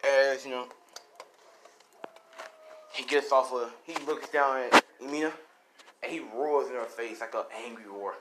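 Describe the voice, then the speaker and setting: A man's voice: medium pitch, steady tone, unhurried, long pauses, heavy background noise. A man improvising a fan story in a rambling, casual way, full of fillers and restarts.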